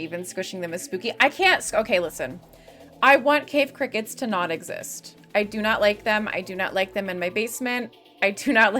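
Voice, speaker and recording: A woman's voice: mid-range voice, fairly bright tone. Young woman from the Midwest, game streamer, mid-range voice, rambling and giggly with lots of cursing, faint music underneath. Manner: rambling, giggly, swears freely. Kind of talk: casual gaming stream chatter.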